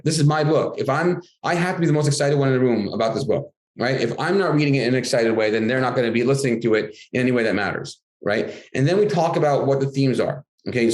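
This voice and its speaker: Fast-talking man in an echoey room. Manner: animated, acts out classroom dialogue in a higher voice. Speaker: guest author. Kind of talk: casual interview talk. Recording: roomy echo.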